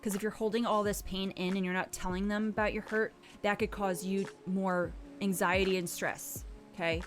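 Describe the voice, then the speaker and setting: A woman, a parent, hosting a casual livestream chat, giving earnest, gentle advice and reading viewers' messages aloud. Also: mid-range voice. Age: adult parent. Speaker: livestream host.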